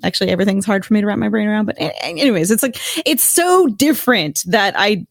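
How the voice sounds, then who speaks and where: A woman's voice: medium pitch, animated, fast talker, creaky, no echo, studio quality. A woman on a casual podcast, stuffed up and tired from a cold, chatting in a joking, self-deprecating way.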